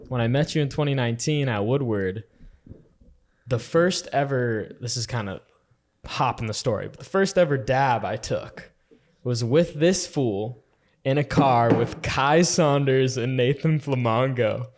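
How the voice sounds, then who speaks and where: Young male podcast co-host, mid-pitched, casual and swearing freely. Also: unhurried, darkish tone. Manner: loose, profane, storytelling. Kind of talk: casual chat.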